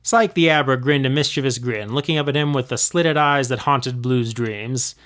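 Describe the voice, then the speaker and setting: A man's voice: mid-range voice, normal speed, a bit bright. A man reading his own old fanfiction aloud, expressively, acting out the voices.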